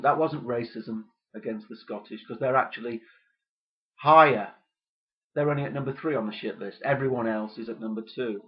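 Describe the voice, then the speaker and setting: Deadpan, gloomy man ranting. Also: mid-range voice, muffled recording. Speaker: comedy podcast host. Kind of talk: deadpan comic rant.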